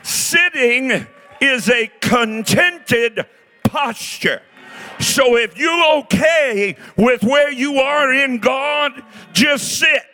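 A man in his sixties preaching a fiery sermon, shouting and exhorting his listeners. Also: very high-pitched, lively intonation, drawn-out words, soft background music. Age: 60s.

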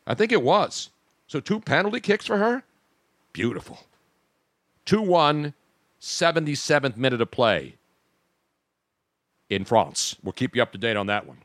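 Animated sports talk host, man. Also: medium pitch, a little slow, long pauses, no room sound, studio quality. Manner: excitable, animated, cutting into breaking news. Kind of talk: live sports talk stream.

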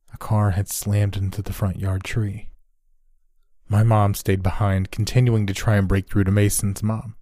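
A man reads a horror story aloud in the first person, steady and dramatic. His voice is low and mellow. The recording is close and dry, with no room sound. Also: no echo. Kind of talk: scripted horror story narration.

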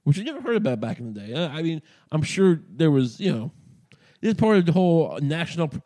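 A man from New York hosts a podcast with a warm, fairly high voice that swings widely in pitch at a quick pace. He rambles through a sardonic, profane rant, often restarting.

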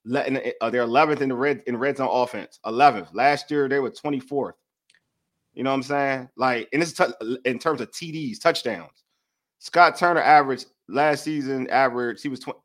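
A man's voice: mid-range voice, fairly bright tone. A young man with a DC-area accent, co-hosting a sports show, venting heatedly and repeating himself for emphasis. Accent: DC-area American English. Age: young adult. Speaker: sports podcast co-host. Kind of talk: heated casual sports talk.

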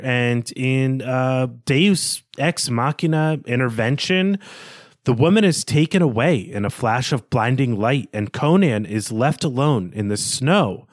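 A man's voice: mid-range voice, dry recording, clean studio sound. A man co-hosting a podcast, who retells a story in a loose, chatty way with lots of fillers and restarts. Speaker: podcast co-host. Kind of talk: casual story recap.

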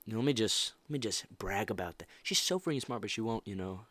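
A man's voice: on the low side, lively intonation, quick pace, a bit bright, no echo. A young man hosting a motivational podcast, talking casually and emphatically with many restarts and fillers. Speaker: podcast host.

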